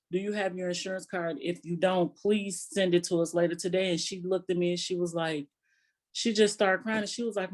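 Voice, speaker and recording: A woman physician answering interview questions calmly, telling stories and quoting her patients. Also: fairly low pitch. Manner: calm, storytelling with quoted patients.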